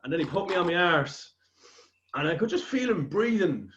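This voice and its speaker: An Irish man with a fairly high voice tells a long anecdote on a podcast, peppering it with swear words. The sound is a bit dull and lo-fi. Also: animated, normal speed, a bit bright. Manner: swears freely, rambling anecdotes. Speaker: podcast host. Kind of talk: casual podcast chat, storytelling.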